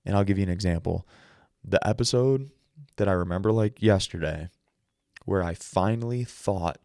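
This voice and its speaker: A man's voice: sits low, normal speed, a little mellow, no echo, studio quality. A man hosting his own podcast, telling stories and giving earnest, emphatic advice in a conversational way. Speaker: podcast host. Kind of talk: solo podcast monologue.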